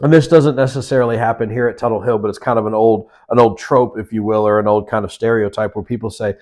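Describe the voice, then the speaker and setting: A man's voice: fairly low pitch, fairly even intonation, a little mellow. A man teaching a Sunday School lesson in a conversational way, with frequent restarts and self-corrections. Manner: conversational, acts out voices in quotes, halting restarts. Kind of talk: Bible study lesson.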